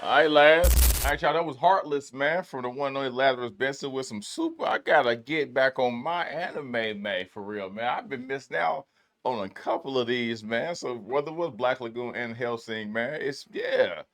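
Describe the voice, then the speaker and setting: A man's voice: medium pitch, expressive, moderate pace, a bit bright. A man hosting a music reaction video, talking in a laid-back, slangy way and tagging his sentences with "man". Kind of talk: casual reaction commentary.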